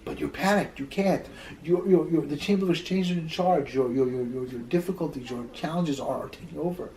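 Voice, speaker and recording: A man's voice: fairly high pitch, a little fast, warm tone, low-quality recording. A rabbi teaching a Torah class in a loose, conversational way, telling stories, repeating words as he thinks, and dropping in Hebrew terms.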